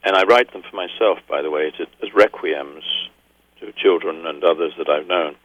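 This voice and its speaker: A man's voice: low-pitched, moderate pace, a bit bright, no echo, lo-fi sound. An older man, a retired children's doctor, earnestly recalling a patient and reading his own poem aloud. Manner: reflective, earnest storytelling. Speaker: retired pediatric oncologist. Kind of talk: personal recollection and poetry reading.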